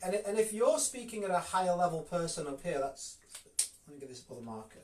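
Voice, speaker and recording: A man's voice: high voice, big pitch swings, a little fast, a little mellow, a little hiss or hum. A man with a Yorkshire accent giving a live-streamed network marketing coaching talk, direct and emphatic, often repeating words for stress. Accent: Yorkshire English.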